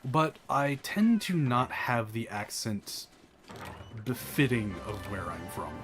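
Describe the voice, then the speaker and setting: A man from the American South with a Southern accent, casually chatting while playing a game, rambling through animated asides. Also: medium pitch, slow, music in the background. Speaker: gameplay commentator. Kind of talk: casual gameplay chat.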